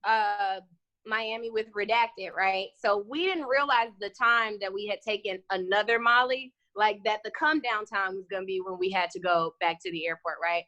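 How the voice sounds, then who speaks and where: A woman's voice: medium pitch, normal speed, pushed and bright, dull audio. A woman co-hosting a podcast, telling a rambling, swearing travel anecdote in casual chat. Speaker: podcast co-host. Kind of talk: casual storytelling.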